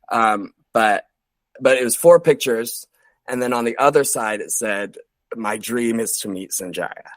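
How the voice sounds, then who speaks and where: A man in his thirties, guesting on a podcast, tells stories in a casual, rambling interview packed with fillers and lively impressions of others. His mid-range voice is captured on a podcast studio mic with no room sound.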